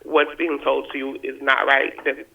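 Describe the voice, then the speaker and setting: A woman's voice: very deep voice, little pitch movement, normal speed, gravelly. A woman calling in as a birthday guest, talking in an emotional, heartfelt way with easy laughs. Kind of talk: casual radio interview on the phone. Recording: tinny phone line.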